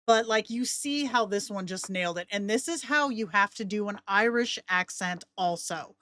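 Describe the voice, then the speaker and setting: A woman's voice: medium pitch, moderate pace, pushed and bright. Chatty woman hosting a tutorial. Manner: chatty, rambling, laughs often. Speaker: tutorial host. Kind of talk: casual screen-share tutorial.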